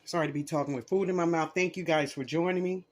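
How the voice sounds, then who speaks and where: A woman's voice: on the low side, steady tone, fast talker. Chatty woman cooking and tasting at home. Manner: chatty, talks to viewers while cooking and tasting; drops to soft murmurs over the food. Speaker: home cook and channel host. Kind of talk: casual cooking vlog. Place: home kitchen.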